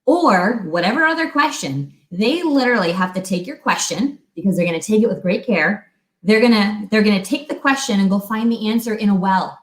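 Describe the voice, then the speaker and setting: A woman co-hosting a fitness talk, giving chatty, animated relationship advice and acting out little quotes. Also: medium pitch, brisk. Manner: chatty, animated, laughs often, acts out quotes. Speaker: fitness coach co-host. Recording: echoey room.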